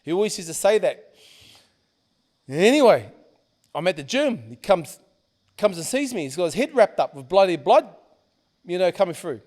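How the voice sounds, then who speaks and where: A middle-aged man, a podcast guest, telling stories in a casual, animated way and swearing freely. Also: high voice, normal speed, long pauses. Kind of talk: casual storytelling.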